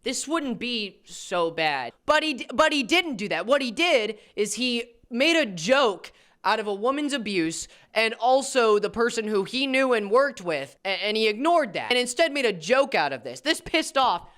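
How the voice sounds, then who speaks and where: An American man doing commentary in a sarcastic manner, jumping between loud jabs and low mutters. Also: very animated, moderate pace. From United States. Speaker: commentary YouTuber. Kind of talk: commentary video.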